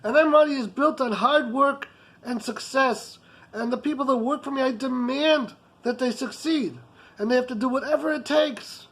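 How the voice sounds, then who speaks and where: A man's voice: very high voice, normal speed, a bit bright, low-quality recording. A man voicing a rich, hot-tempered business boss who talks in an intense, emphatic way.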